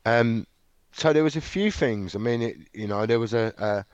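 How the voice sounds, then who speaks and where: A man telling his story frankly in an interview, halting often with fillers and restarts. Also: medium pitch, smooth, no echo, highs cut off. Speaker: interview guest. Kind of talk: candid conversational storytelling.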